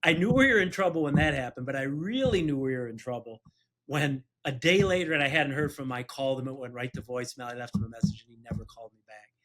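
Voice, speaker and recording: A man's voice: medium pitch, fast talker, fairly bright tone, slight background noise. A man who is a personal injury attorney co-hosting a podcast, telling an anecdote casually, chuckling through it and acting out the voices of people he quotes.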